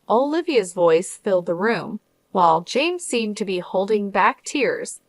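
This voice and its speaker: A woman's voice: medium pitch, lively intonation, moderate pace, no room sound. Woman narrating a story, dry sound. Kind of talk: scripted first-person narration.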